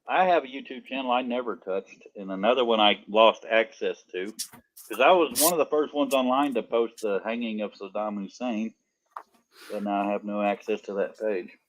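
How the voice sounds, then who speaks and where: A man's voice: fairly low pitch, normal speed, poor audio. A man chatting casually on a livestream call, telling stories and laughing often. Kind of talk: casual chat.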